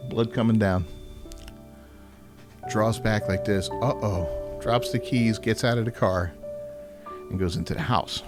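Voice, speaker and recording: A man candidly telling a personal story in a rambling, halting way, with many restarts and "you know"s. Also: fairly low pitch. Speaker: vlogger sharing a personal story. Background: background music.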